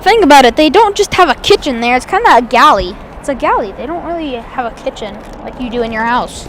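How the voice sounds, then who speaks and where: A woman's voice: high voice, expressive, fast talker, a little hiss or hum. A woman outdoors at an airport giving chatty, enthusiastic live plane-spotting commentary, rambling with restarts.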